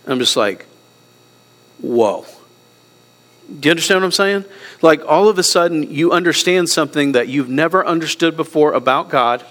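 A middle-aged male pastor preaching a sermon in a high, earnest voice. He is emotional and near tears, dropping soft and low before rising again to press a point. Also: fairly quick. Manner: earnest, preaching with wide swings between soft and raised passages.

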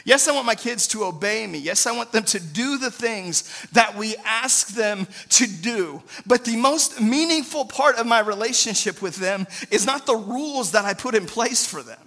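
A man's voice: high-pitched, expressive, moderate pace, vocal fry, few pauses, pushed and bright. A man in his thirties preaching a sermon in an earnest, conversational way, often adding "right?" asides. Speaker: pastor.

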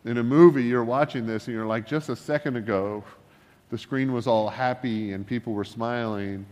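A man preaching a sermon in a relaxed, joking, conversational way, full of asides and wry humor. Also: medium pitch, normal speed, big-room sound. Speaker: pastor.

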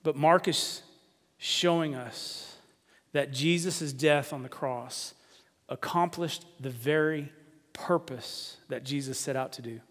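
Male preacher, higher voice, emphatic questioning delivery, echoing hall. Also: slow, a bit bright. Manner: emphatic, rhetorical questions, repeats words. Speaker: pastor. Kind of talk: sermon. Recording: long reverb of a hall.

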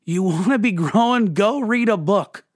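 Brief: a man doing God, blunt and practical, giving high curt orders in a dry close sound. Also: normal speed, no echo. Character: God, male, blunt and matter-of-fact.

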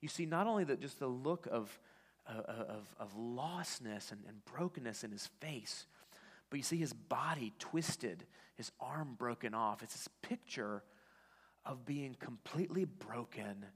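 A man's voice: mid-range voice, lively intonation, measured pace, breathy edge. A man preaching a sermon, telling a story conversationally with frequent restarts. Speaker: pastor. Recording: long church-hall reverb.

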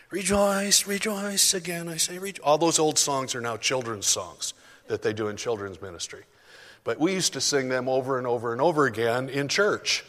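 A man's voice: mid-range voice, fairly bright tone. A male pastor giving a chatty, self-deprecating sermon full of asides, speaking to his congregation in a church sanctuary. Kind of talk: conversational sermon. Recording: long reverb of a hall.

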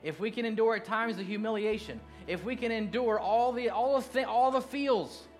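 With soft music playing faintly beneath him, an earnest, drawling pastor in middle age gives a sermon. His fairly high voice shifts from quiet, stretched-out phrases to rapid, lively bursts.

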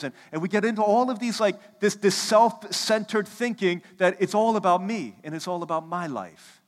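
A fairly high-voiced man in his thirties delivers a sermon with animated storytelling, slipping into little voices for the people he quotes. The sound carries a long hall reverb, as in a church sanctuary. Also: fairly quick, hardly any pauses. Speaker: pastor.

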